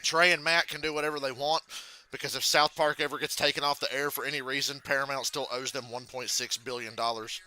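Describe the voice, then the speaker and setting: A man hosts a loose, casual live reaction stream, telling stories in a profane, laughing way. His voice is very bright and sharp, sitting at an ordinary middle pitch. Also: steady tone, fairly quick. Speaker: channel host.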